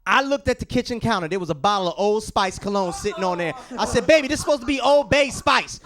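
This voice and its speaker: A male stand-up comedian with a high, lively voice that swings widely in pitch. He tells stories on a small studio stage and acts out the other people in them. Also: fast. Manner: animated storytelling with acted-out voices. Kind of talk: stand-up routine.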